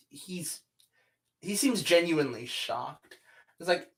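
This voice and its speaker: A game master narrating a tabletop role-playing game in an unhurried, hesitant way. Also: mid-range voice, lively intonation, a bit bright, distant mic.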